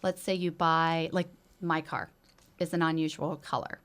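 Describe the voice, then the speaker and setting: A woman with a somewhat low voice explains ideas in a casual podcast chat. She talks calmly and works through a plain everyday example. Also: moderate pace. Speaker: podcast co-host.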